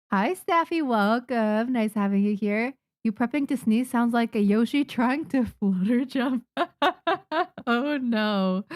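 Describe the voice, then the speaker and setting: A woman from Japan, a native Japanese speaker, chatting casually with her live-stream viewers while she draws manga, excitable and quick to laugh. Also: mid-range voice, clear, resonant tone, no echo, studio quality.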